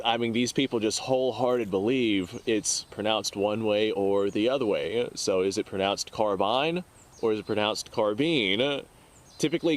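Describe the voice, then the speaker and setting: A man talking casually to camera as the host of a firearms channel, rambling and exasperated, with frequent chuckles. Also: fairly low pitch. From United States.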